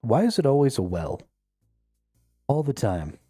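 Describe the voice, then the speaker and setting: A man streaming a game live, giving relaxed, joking commentary with a wry edge. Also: medium pitch, measured pace, slightly rough, no echo, clean studio sound, soft background music.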